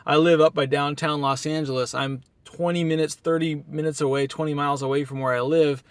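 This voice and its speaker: A man's voice: on the high side, steady tone, a little fast, no echo. A sleep-deprived man giving a casual motivational talk on a one-take vlog, earnest and rambling, psyching himself up. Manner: earnest, self-hyping, rambling with restarts. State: tired from no sleep. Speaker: motivational vlogger. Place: outdoors at a beach town. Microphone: camera mic.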